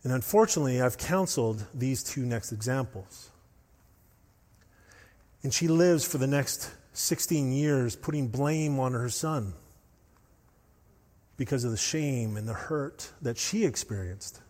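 A man preaching a sermon as pastor, telling stories with animated, rising intensity. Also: mid-range voice, unhurried, pauses often. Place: church hall. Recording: long hall reverb.

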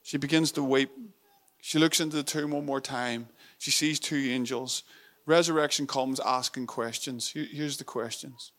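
Earnest male preacher with soft hushes. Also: medium pitch, fairly even intonation, normal speed. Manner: earnest and intimate, dropping to a soft hush on tender moments; repeats phrases for emphasis. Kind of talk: sermon.

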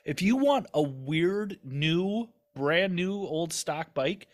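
A man's voice: a little high, animated, slow. A man hosting a casual podcast who keeps encouraging his guest and often chimes in to agree. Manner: encouraging, frequent affirmations. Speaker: podcast host.

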